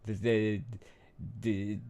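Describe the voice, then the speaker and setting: A man's voice: on the low side, little pitch movement, drawn-out words, dark tone, clear, resonant tone. A man co-hosting a casual podcast, swearing freely and chiming in with corrections. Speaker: podcast co-host. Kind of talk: casual chat.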